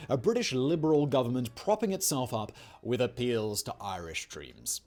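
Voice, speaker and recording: A man's voice: mid-range voice, big pitch swings, normal speed. Wry male history narrator. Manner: wry, jokey asides. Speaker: documentary narrator.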